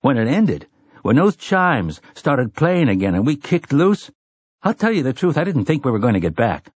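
A man voicing a wry, restless young man in a storybook reading, talking in an animated, wisecracking way. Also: mid-range voice, moderate pace, breathy edge, no room sound, voice pushed up. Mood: worried.

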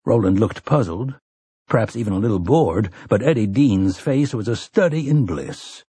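Low, husky male audiobook narrator. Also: dry recording. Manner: steady, measured reading. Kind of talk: scripted narration.

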